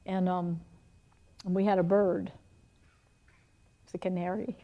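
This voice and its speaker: A middle-aged woman preaching a sermon, telling animated personal stories with frequent laughter. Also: lowish voice, unhurried.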